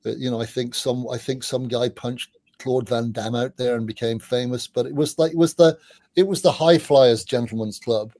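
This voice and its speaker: A middle-aged music journalist, interviewed as a guest, tells rambling, animated anecdotes peppered with casual swearing. His voice is mid-range at a normal speed, with no echo.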